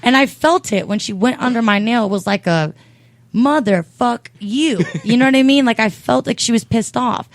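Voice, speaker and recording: A woman's voice: fairly high pitch, fairly quick, few pauses, no room sound. Woman ranting thru a funny story, lots of swearing, acts out every voice, dry close sound. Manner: animated, profane, acts out voices in her stories. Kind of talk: comedic storytelling.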